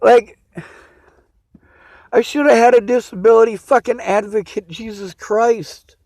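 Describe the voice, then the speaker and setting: A man's voice: extremely high pitch, fairly even intonation, unhurried, darkish tone, dry recording, low-quality recording. A man in a bitter, swearing personal rant to camera, venting his grievances in outbursts. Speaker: vlogger.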